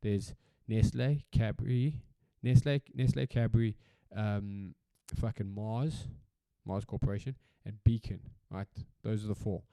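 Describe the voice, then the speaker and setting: A man's voice: on the low side, fairly even intonation, a little slow, creaky, hardly any pauses, mellow, clean tone, dry recording. A South African man hosting a solo podcast in a casual, rambling rant, swearing freely and repeating himself for emphasis. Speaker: podcast host.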